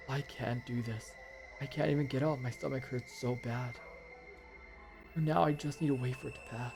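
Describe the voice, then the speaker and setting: A woman's voice: extremely low pitch, fairly even intonation, moderate pace, creaky, over music. A young woman streaming a game, reading narration aloud and chatting to her viewers in a frustrated, offhand way. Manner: frustrated, talks to chat.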